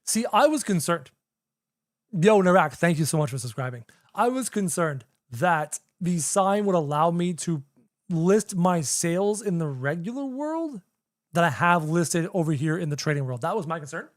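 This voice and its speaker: A young adult streamer narrates a live game session, chatting with viewers and repeating phrases as they work things out. The voice swings widely in pitch and sounds close and dry, with no room around it. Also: lively intonation, moderate pace, no echo. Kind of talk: live gameplay commentary.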